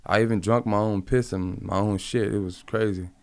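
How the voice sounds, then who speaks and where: A man from Compton tells his story casually, his speech rambling and thick with slang and profanity. His voice sits fairly low and has a gravelly, creaky texture. He is the interviewee, talking loosely and unscripted. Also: steady tone, moderate pace, no room sound. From Compton, California.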